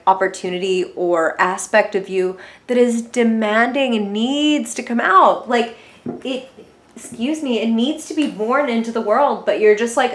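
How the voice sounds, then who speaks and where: A young woman giving a casual, chatty tarot reading, full of filler words and giggles. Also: medium pitch. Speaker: tarot reader. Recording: echoey room.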